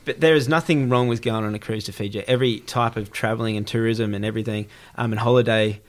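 A man's voice: on the low side, fast. A young adult man, hosting a casual chat and acting out quotes as he tells stories. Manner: animated storyteller who acts out quotes.

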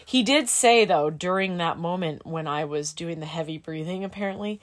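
A woman's voice: on the low side, normal speed. A middle-aged woman and student pilot in casual chat, candid and emotional, with plenty of fillers like "like" and "dude.".

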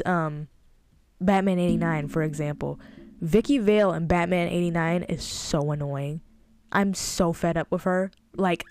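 Chatty and emphatic, a young woman podcast host reviews a TV episode in a casual monologue, tossing in exasperated asides. Her pitch is medium and slightly mellow, and the recording has no room sound.

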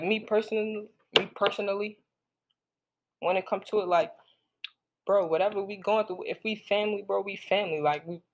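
A podcast host talking straight to listeners in a casual, unscripted monologue, blunt and profane, heavy on slang and repeating points for emphasis. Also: medium pitch.

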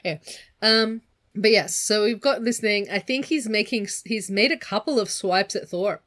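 Woman, podcast co-host, loose talky book chat, mid-range voice, lively. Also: mid-range voice, normal speed. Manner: chatty, animated, laughs often, slips into put-on accents. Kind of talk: casual book discussion.

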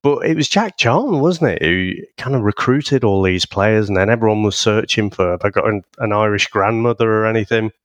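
A man's voice: lowish voice, brisk, hardly any pauses, no echo. A man chatting easily and laughing on a film podcast. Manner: easygoing, laughs often, swears casually. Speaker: podcast co-host. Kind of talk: casual film podcast chat.

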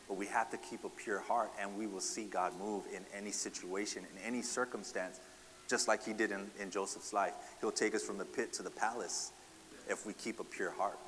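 A man's voice: lowish voice, a bit bright, in a large hall, a little hiss or hum. A man preaching a sermon, asking the congregation rhetorical questions and often adding "right?". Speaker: pastor.

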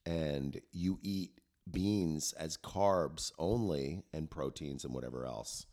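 A man's voice: rumbling low, takes it slowly. A middle-aged man co-hosting a podcast, chatting casually and ranting with lots of swearing. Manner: profane, ranting, animated. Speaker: podcast co-host. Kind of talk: casual chat.

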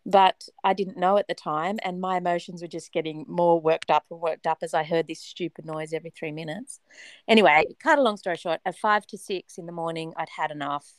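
A woman in her forties telling a personal story in a casual chat, animated and dramatic, often laughing. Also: fairly low pitch, brisk, dry recording.

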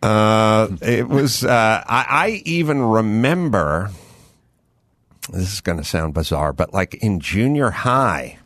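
A man in his fifties or older, hosting a casual studio talk show, telling stories in a rambling, animated way with many restarts. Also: on the low side, slow pace, no echo. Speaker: podcast host. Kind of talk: casual chat.

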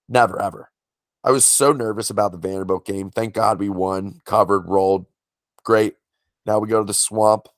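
Male co-host, low voice, rambling excitable fan chatter, dry sound. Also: no room sound. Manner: rambling, emotional fan talk with restarts. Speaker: podcast co-host. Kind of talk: casual sports betting chat.

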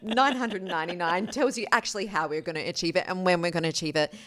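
A woman's voice: fairly low pitch, fast talker, a bit bright. A woman co-hosting a podcast, chatting casually with playful, wry jokes. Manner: joking, playful, wry asides. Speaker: podcast co-host. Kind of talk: casual chat.

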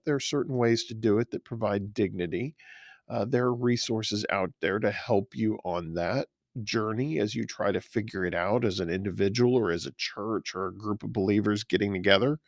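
Plain-spoken pastor teaching verse by verse. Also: male voice, mid-range voice, darkish tone, dry recording, clean studio sound. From Texas. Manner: conversational, reads scripture aloud and pauses to comment.

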